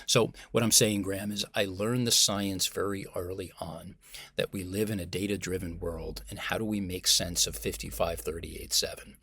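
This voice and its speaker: An American man, a communication professor, talking as a guest in a conversational interview, animated and emphatic. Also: low-pitched, moderate pace, breathy edge, dry recording. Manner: animated and emphatic, acts out example voices.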